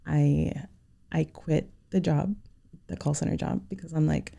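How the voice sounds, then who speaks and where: A woman speaks as a podcast guest in a low, heavily gravelly voice. She tells a personal story sincerely, pausing often and leaning on "you know". The tone is dark and mellow. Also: steady tone. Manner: sincere, halting, many "you know" fillers.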